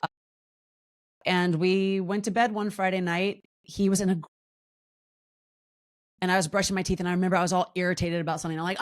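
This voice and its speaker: A woman in her forties tells her story as a podcast guest, her voice sitting on the low side. She talks candidly and with lots of life, jumping high in pitch whenever she acts out what someone said. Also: a little fast, long pauses. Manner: animated, acts out quoted voices with big pitch jumps. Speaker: podcast guest, wellness coach.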